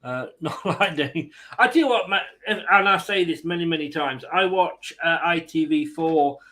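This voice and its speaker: A man's voice: a little high, moderate pace, sharp tone. A man hosting a football watchalong stream, mixing live match commentary with rambling, self-mocking jokes.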